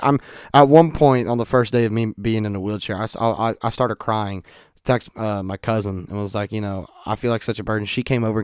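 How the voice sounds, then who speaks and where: A young man telling stories in an animated way on a casual podcast monologue. He swings between loud outbursts and quiet asides. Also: fairly low pitch, clean tone, no echo, clean studio sound. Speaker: podcast host.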